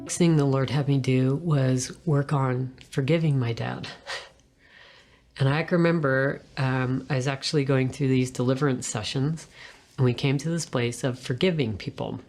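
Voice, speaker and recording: A woman with a low voice tells her personal faith testimony. She speaks earnestly and reflectively, pausing and restarting as she goes. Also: darkish tone, soft background music.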